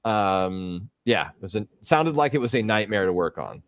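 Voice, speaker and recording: Chatting casually on a livestream as he works, a middle-aged man thinks out loud and rambles, full of fillers. His voice is on the low side and expressive at a moderate pace, captured in a dry, clean studio recording.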